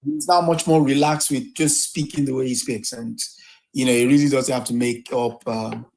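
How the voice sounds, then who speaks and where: A speaker chatting casually with quick affirmations and frequent laughter. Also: medium pitch, fairly even intonation, vocal fry, a little mellow. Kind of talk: casual chat.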